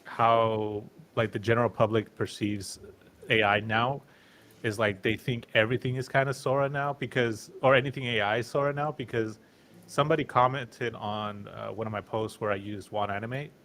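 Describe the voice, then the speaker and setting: A man's voice: on the low side, fairly even intonation, normal speed, fairly bright tone. A man co-hosting a casual tech stream, telling stories with many restarts. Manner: meandering, many fillers and restarts. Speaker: show co-host. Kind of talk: casual livestream chat.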